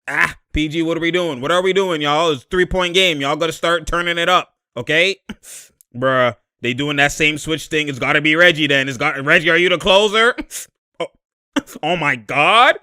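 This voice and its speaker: Laughing, bright-voiced man breaking down game footage. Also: fairly high pitch, moderate pace, clear, resonant tone, no room sound, studio quality. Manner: animated, laughs often, coaches the players aloud; street slang. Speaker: basketball commentator.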